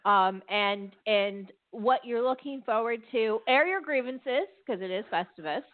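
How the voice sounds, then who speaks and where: A chatty woman co-host talks loosely with fillers and easy laughter. Her voice sits a touch high. The sound is thin and phone-like, with no room echo. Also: expressive, unhurried. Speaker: podcast co-host. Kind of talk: casual chat. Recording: dry, phone-like line.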